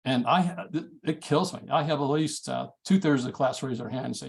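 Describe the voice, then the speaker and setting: A middle-aged man presenting a math study skills workshop in a folksy, animated way, acting out his exchanges with students. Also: fairly high pitch, fairly quick, creaky. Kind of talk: conference workshop talk.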